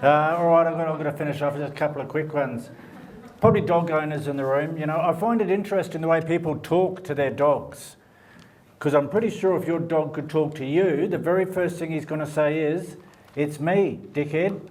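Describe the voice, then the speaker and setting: A man telling jokes with a lively, punchy delivery. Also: a little high, a little fast. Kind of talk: stand-up joke telling. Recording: noisy room with crowd.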